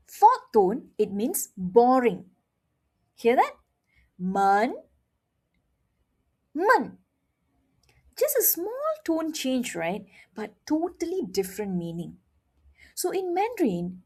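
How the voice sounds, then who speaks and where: Husky-voiced woman teaching language slowly. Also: a little high. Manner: expressive, exaggerated tones when modeling sounds; repeats "all right?" to check understanding. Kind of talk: online language lesson.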